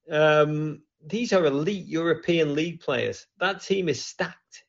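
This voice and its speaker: An excitable man hosts a call-in football show, his raised voice grainy and gravelly. He jokes constantly and drops from loud bursts to hushed asides. The sound is a bit dull and lo-fi. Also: a little high. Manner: animated, joking, swings from loud to hushed. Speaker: host. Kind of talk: lively football chat show with callers.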